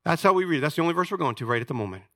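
Male pastor, high bright voice, dry close sound, animated sermon with playful asides. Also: racing, dry recording. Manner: animated preaching with asides to the congregation.

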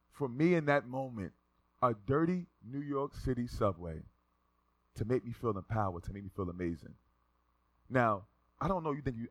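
A male pastor preaching a sermon, telling a story with lively delivery and acting out the people in it. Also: mid-range voice, dry recording. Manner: animated, acts out the voices of people in his stories.

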